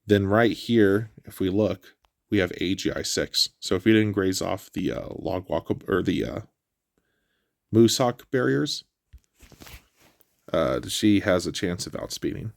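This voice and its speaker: A man with a stuffy nose talks through a game run in a low, gravelly voice. His delivery is relaxed and explanatory, full of fillers. The recording is dry and close. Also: measured pace, no echo. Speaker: gameplay commentator. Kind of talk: casual game walkthrough commentary.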